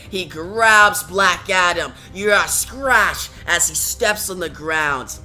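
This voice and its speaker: A woman's voice: on the low side, slow pace, few pauses, pushed and bright, soft background music. A woman reviewing a comic book, narrating the action step by step in a plain, recounting manner. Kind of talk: reading and narrating a comic aloud.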